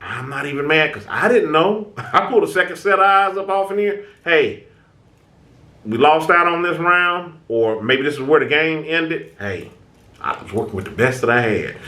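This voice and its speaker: Lively conversational man in an echoey room. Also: a little high, normal speed. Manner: conversational, acts out inner thoughts, repeats words. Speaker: self-help video host. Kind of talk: casual motivational talk to camera.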